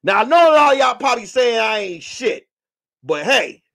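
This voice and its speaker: A man hosting a comedy podcast, telling a rowdy story, shouting, swearing and acting out the voices. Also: extremely high pitch, sing-song, moderate pace. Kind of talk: animated comic storytelling.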